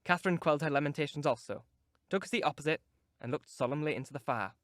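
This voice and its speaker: A man narrating a classic novel as an audiobook in a measured, steady reading. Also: on the high side, no room sound, studio quality. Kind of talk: scripted narration.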